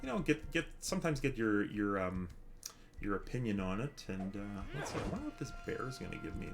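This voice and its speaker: A man's voice: on the low side, very animated, a little fast, vocal fry, music in the background. A man streaming a game, chatting casually with viewers in a rambling, hesitant way with many restarts. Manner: chatty with viewers, reads chat aloud. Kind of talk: casual live-stream chat.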